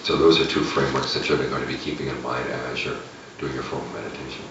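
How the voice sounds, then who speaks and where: A man, a meditation teacher, giving a relaxed, conversational dharma talk and chuckling at his own asides. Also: extremely low pitch, fast talker. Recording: echoey room, distant mic, lo-fi with noise.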